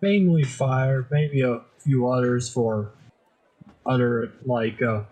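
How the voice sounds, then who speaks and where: A man playing in a tabletop game, speaking in character in a slow, soft way. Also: medium pitch, poor audio. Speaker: player.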